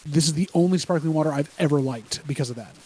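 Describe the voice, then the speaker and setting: Guy talking fast and excited on a podcast, kinda rambly, voice on the higher side. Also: husky. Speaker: podcast co-host. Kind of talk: casual chat reacting to wrestling.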